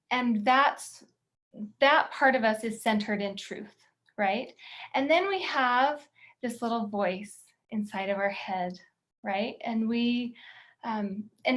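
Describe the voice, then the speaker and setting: A woman teaching a confidence workshop in an earnest, encouraging way, often asking the listener questions. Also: fairly high pitch. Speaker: confidence coach.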